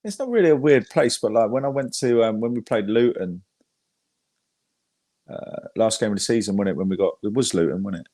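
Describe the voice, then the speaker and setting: A man's voice: lowish voice, animated, brisk, darkish tone, no echo. Sweary man telling rambling football stories. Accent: English. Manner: swears freely, rambling anecdotes. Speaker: podcast guest, football fan. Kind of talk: casual chat.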